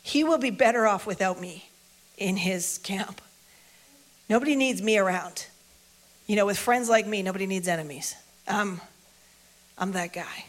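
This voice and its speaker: A woman's voice: normal speed, long pauses, natural voice. A woman preacher voicing a proud, impulsive adult man who talks to himself in a sermon retelling. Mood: despairing. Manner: swings from loud boasting to low muttering self-talk. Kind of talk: sermon storytelling.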